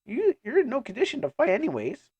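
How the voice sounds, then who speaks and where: A man voicing an anxious, caring young girl in a high falsetto, in a fan comic dub. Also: huge pitch swings, fast talker, darkish tone, breathy edge, no room sound, lo-fi sound, heavily acted. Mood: coaxing.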